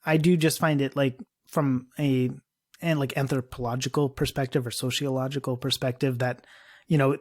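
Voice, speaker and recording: A podcast cohost in casual chat, musing and arguing a point while thinking aloud. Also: mid-range voice. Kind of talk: casual pop-culture chat.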